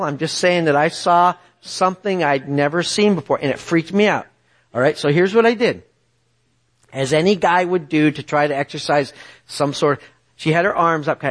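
A middle-aged man preaching a sermon, telling a personal story in an animated way and often checking in with the audience. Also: a little high.

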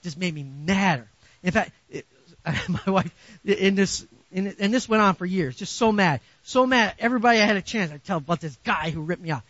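A middle-aged male pastor preaching a sermon, animated and swinging from quiet asides to loud emphasis. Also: sits high, normal speed, dry recording, dull audio.

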